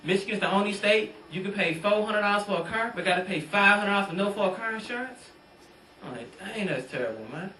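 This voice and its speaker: A man's voice: high-pitched, quick pace, sharp tone, recorded from a distance, slight background noise. A young man from doing a stand-up comedy set, bantering loosely and talking straight to the crowd. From Detroit. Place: comedy club stage. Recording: roomy club sound, mic set back.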